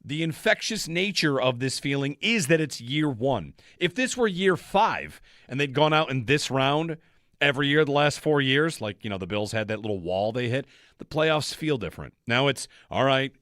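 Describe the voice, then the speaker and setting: A man's voice: mid-range voice, lively intonation, normal speed, a bit bright, no echo, clean studio sound. A man hosting a sports radio show, talking in a conversational, analytical way. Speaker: radio host. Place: radio studio. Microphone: studio microphone.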